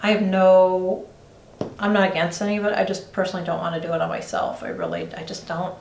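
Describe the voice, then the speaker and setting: A woman's voice: fairly low pitch, fairly even intonation, brisk, darkish tone, a little hiss or hum. A middle-aged woman chatting in a rambling, confiding way while she does her makeup on camera at home for a beauty vlog. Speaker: beauty vlogger. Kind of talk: chatty get-ready-with-me vlog. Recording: roomy echo.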